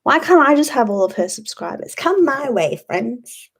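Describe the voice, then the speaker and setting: A woman's voice: high-pitched, big pitch swings, normal speed, breathy edge. A woman hosting a casual livestream, rambling, swearing freely and answering chat. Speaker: YouTube livestream host.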